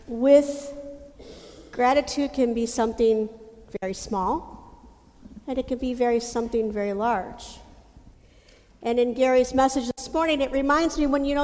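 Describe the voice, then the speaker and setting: A woman's voice: high-pitched, darkish tone. A woman preaching a sermon in a folksy, casual storytelling way. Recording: hall reverb.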